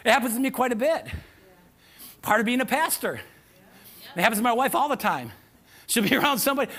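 A male pastor preaching a sermon to a church congregation, animated and often breaking into shouts. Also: extremely high pitch, quick pace, pauses often. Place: church sanctuary with live audience.

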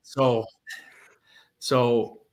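A man's voice: mid-range voice, flat delivery, drawn-out words. A man in his thirties, a former pro hockey player, telling stories casually in an interview with lots of fillers and restarts. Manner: rambling with many fillers and restarts.

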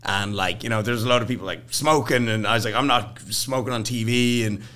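A man's voice: on the low side, a little fast. A young man, a podcast guest, telling stories casually and laughing often as he acts out what others said. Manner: laughs often, animated storytelling with put-on quotes. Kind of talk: casual storytelling.

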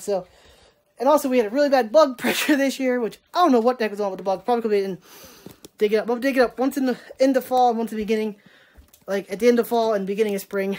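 A woman's voice: medium pitch, darkish tone. Rambling woman vlogging from her garden. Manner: chatty, rambling, laughs often. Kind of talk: casual vlog chat. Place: outdoors in a backyard garden.

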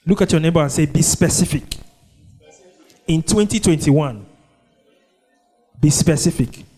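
Male pastor with a Nigerian accent and a high voice, preaching in call-and-response, with faint music underneath. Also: expressive, a little slow, dark tone, breathy edge. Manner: call-and-response preaching, prompting the congregation with "what?". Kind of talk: sermon.

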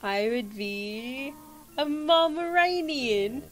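A woman voicing a gentle, pun-loving goat queen who teases her husband sweetly while reading game dialogue. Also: a little high, expressive, unhurried, faint music behind. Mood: teasing. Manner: sweet, playful teasing.

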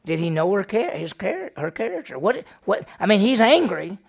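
Pitched high with some vocal fry and moving at a moderate pace, a middle-aged pastor's voice leads a lively Bible study. He rapidly poses questions to the class, then supplies the answers himself.

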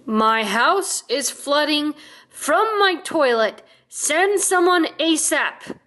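A woman's voice: high voice, animated, fairly bright tone, pitched below the performer's own voice, exaggerated voice. A woman putting on a frantic dad doll. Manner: slow, distressed.

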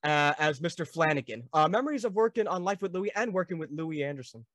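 A man's voice: fairly high pitch, animated, fast talker, fairly bright tone, dry recording. A young man hosting a video call interview, asking rambling, eager questions full of fillers. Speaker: host.

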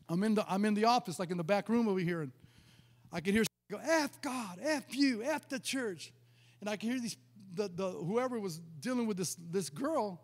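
High-voiced pastor telling his testimony. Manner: emphatic, vivid testimony with acted-out dialogue. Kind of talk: storytelling sermon. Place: church sanctuary. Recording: long hall reverb.

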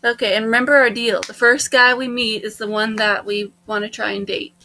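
A woman's voice: on the high side, a little fast. A young woman chatting casually while hosting a dating-game playthrough, leading the way. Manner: chatty, bossy about the game, bursts into excited squeals. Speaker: let's play host.

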